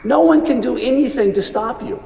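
A man's voice: very high-pitched, normal speed, gravelly, a little mellow. Man speaking in an echoey hall. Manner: earnest, anecdotal storytelling with many restarts. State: briefly choked up with emotion. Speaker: commencement speaker. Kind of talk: commencement speech. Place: large hall.

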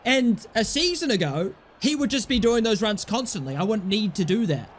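A man's voice: sits high, lively intonation, normal speed, slight background noise. A young man playing a football video game and commentating, frustrated and swearing at his players. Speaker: gaming YouTuber.

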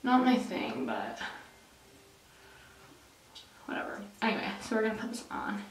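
A woman's voice: medium pitch, sing-song, measured pace, recorded from a distance, slight background noise. Chatty young woman in a roomy echo. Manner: chatty, lots of "like" and "um", breaks off mid-sentence. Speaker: beauty vlogger. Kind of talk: casual rambling chat to camera.

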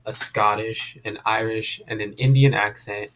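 A man's voice: on the low side, fairly even intonation, measured pace, a bit bright, slight background noise. Goofy self-deprecating male vlogger. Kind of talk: casual vlog chat.

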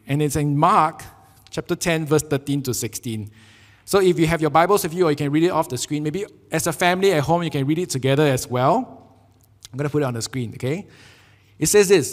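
Young Singaporean male pastor, animated storyteller, slightly higher voice, long church reverb. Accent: Singaporean English. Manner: animated storytelling with frequent "right?" tags. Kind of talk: sermon. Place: church sanctuary.

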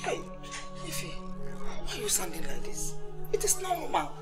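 A woman's voice: mid-range voice, huge pitch swings, a little slow. An actress playing a stern, scolding mother, with a Nigerian accent, in a film scene with a music score. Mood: worried. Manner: scolding, exclamatory.

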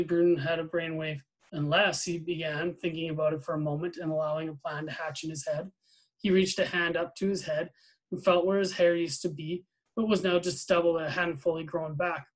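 A man reads a novel aloud in a steady storybook manner. His voice sits a little above the usual male pitch. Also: fairly quick, rough recording. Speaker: reader.

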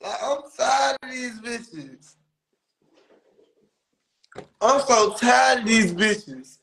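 A man's voice: very high-pitched, expressive, very slow, fairly bright tone, rough recording. A young man in a comedic, profanity-heavy rant, with exaggerated mocking impressions.

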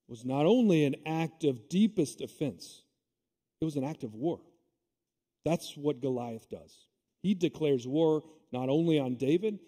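A male pastor delivers a sermon in a friendly, emphatic way and drops in casual asides. His voice sits a bit high for a man but sounds mellow and dark. A long echo from the church hall follows every phrase. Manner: conversational, emphatic preaching with asides. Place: church sanctuary.

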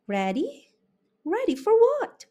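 A woman's voice: very high voice, wildly swooping pitch, takes it slowly, dark tone, voice pushed up, heavily acted. A woman voicing a young, curious fawn in a storybook reading, asking wide-eyed questions.

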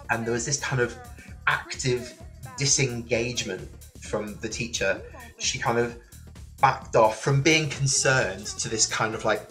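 A man from near Liverpool in England, a guest telling his story in a relaxed interview, lively and full of restarts. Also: mid-range voice, normal speed, soft background music. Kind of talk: casual interview chat. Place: remote call from another country than the host.

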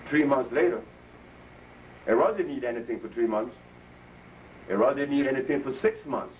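A man's voice: medium pitch, normal speed. A man speaking casually to a live audience, telling stories, laughing at his own jokes and acting out the voices of people he quotes. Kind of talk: informal health talk to an audience. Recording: distant mic with faint noise.

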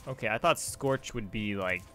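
A man giving casual, rambling commentary while playing a video game, chatty and quick to laugh. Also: fairly low pitch, bright, forceful tone, soft background music. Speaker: let's play host.

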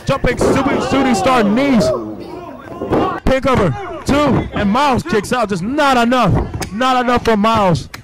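A man with a strikingly high voice calls a wrestling match blow by blow. He is excitable and bursts into shouted exclamations. Loud background noise runs under the whole recording. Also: a little slow, a loud crowd. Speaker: wrestling commentator. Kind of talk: live play-by-play commentary.

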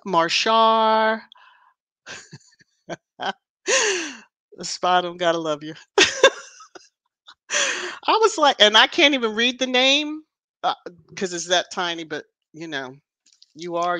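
A woman's voice: medium pitch, dry recording. A woman hosting a casual live stream, greeting viewers one by one by name and lifting her voice on each greeting. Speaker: livestream host. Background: soft background music.

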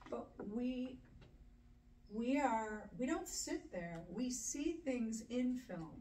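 A woman's voice: fairly high pitch, sing-song, slow pace, dark tone, slight background noise. A woman, an actress guest on a podcast, talking in a chatty, rambling way. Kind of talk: casual podcast chat. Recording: echoey room, mic at a distance.

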